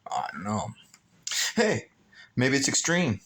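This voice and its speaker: A man's voice: mid-range voice, big pitch swings, normal speed, pauses often, a bit bright. Man, pilgrim, rambling vlog monologue, emotional, hotel room, phone camera.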